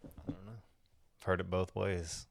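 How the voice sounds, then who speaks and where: A man with a deep, gravelly voice co-hosting a movie podcast. He chats casually and asks dry, probing questions. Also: level tone, normal speed, no room sound. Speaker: podcast co-host. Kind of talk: casual chat.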